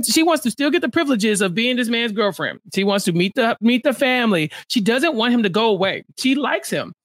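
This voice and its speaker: A co-host in a casual TV recap chat, blunt and exasperated, dropping low for emphasis. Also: fairly bright tone, no room sound, clean studio sound. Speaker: podcast co-host.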